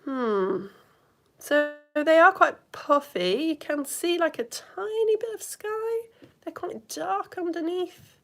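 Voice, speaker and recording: A woman's voice: very high voice, slow pace, vocal fry. A woman teaching a live online science lesson in a chatty, enthusiastic way, asking the viewers questions as she goes.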